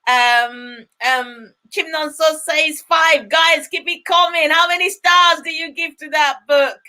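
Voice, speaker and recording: A woman's voice: high voice, fairly even intonation, slow, pushed and bright. A woman hosting a live children's read-along, chatting with young viewers and coaxing them to answer. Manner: encouraging, coaxing answers from kids.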